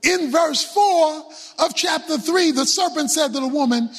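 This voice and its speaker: A pastor in his sixties preaching a sermon with emphatic, dramatic delivery and bursts of shouting. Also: extremely high pitch, measured pace.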